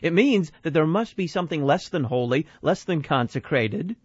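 A man's voice: a little high, animated, normal speed, slightly rough, dry recording, muffled recording. A male radio host giving analytical commentary, posing questions and answering them himself.

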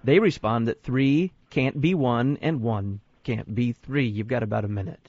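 A man hosting a radio talk show, putting listener questions to his guest and reading announcements in a crisp, deliberate broadcast manner. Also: mid-range voice, darkish tone, dry recording, lo-fi sound.

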